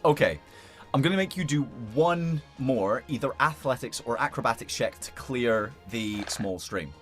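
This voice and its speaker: A man runs a tabletop game in loose, chatty narration with plenty of fillers. His pitch swoops a lot as he describes the action, and faint music plays under him. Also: expressive, normal speed, a bit bright. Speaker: game master.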